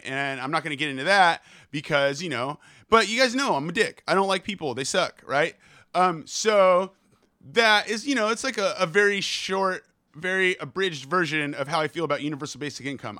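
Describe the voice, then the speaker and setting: A young man hosting a podcast, ranting fast and swearing a lot in a solo monologue. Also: high-pitched, no echo, clean studio sound. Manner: profane, fast, animated rant. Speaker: podcast host.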